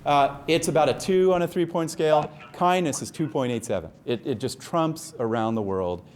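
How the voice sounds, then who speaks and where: Lively man giving a science talk. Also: fairly high pitch, normal speed. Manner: enthusiastic, joking, quizzes the audience. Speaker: lecturer. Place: lecture room.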